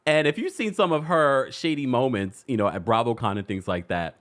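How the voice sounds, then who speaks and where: A man's voice: fairly high pitch, brisk, hardly any pauses, fairly bright tone. A man hosting a celebrity gossip show, chatting casually with his live audience in a playful, teasing way, laughing often. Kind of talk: casual commentary to a live chat.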